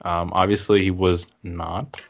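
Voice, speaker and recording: A young man co-hosting a casual sports podcast, talking fast and excitably and exaggerating for effect. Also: sits low, vocal fry. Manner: excitable, quick, exaggerating fan talk. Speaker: podcast co-host. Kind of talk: casual chat.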